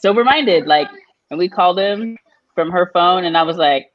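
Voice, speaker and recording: Woman guest, low voice, lively storyteller, dull lo-fi call sound. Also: brisk, no echo. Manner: animated, jumps high in pitch when quoting people. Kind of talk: casual storytelling on a live podcast.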